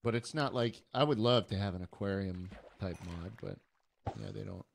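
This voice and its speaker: A young man streaming a game and chatting casually with friends, excitable and swearing when surprised. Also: fairly low pitch, moderate pace, vocal fry, slight background noise. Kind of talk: casual gaming chat.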